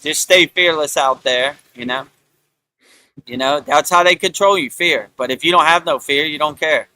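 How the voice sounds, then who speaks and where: Host, man, casual rambling monologue, bright close voice, dry sound. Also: a little high, normal speed, no room sound. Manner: rambling, repeats "you know", mocking put-on voices. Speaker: spiritual talk host. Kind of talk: casual live-stream monologue.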